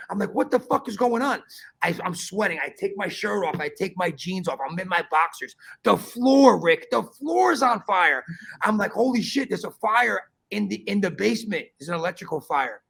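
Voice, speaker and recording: A man hosting a podcast, telling a story in animated casual chat, swearing often and calling his listener bro. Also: high-pitched, brisk, creaky, breathy edge. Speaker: podcast host.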